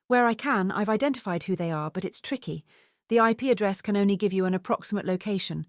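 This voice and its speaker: A woman voicing a blunt, wealthy, tech-savvy divorcee who explains things briskly in an audiobook. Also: mid-range voice, no room sound, studio quality, close to an everyday voice. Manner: brisk, matter-of-fact explaining.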